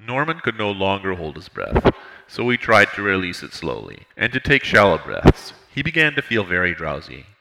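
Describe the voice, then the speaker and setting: A man narrating an audiobook in a measured, steady reading. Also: low voice, vocal fry, low-quality recording.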